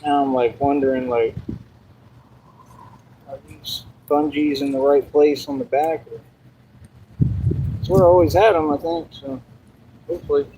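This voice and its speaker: A man vlogging casually about his fitness training, rambling and breaking into high squeaky shouts. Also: steady tone, a little slow, long pauses, slight background noise, rough recording. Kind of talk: casual vlog talk to camera.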